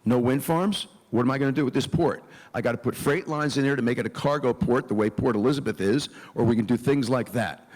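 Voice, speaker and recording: A man speaking as a candidate at a forum, answering forcefully and laying out plans point by point. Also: medium pitch, a little fast, hardly any pauses. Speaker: political candidate. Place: event hall. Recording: long hall reverb.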